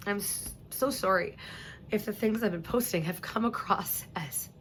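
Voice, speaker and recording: A woman speaking earnestly and emotionally to her viewers, halting now and then and clearing her throat, close to tears. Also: medium pitch, a little hiss or hum. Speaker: vlogger. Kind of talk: emotional personal address to viewers.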